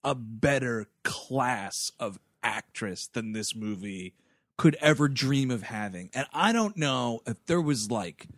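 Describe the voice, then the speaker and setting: A man co-hosting a casual movie-review podcast, animated and sarcastic, slipping into mocking quoted voices. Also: medium pitch, takes it slowly, no room sound, studio quality. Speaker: podcast co-host.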